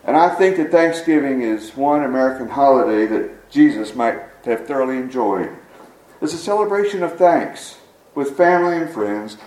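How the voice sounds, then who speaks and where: A man with a slightly high, somewhat mellow voice preaches a sermon, reading scripture and sharing an anecdote with earnest storytelling. The room is echoey and the mic sits at a distance.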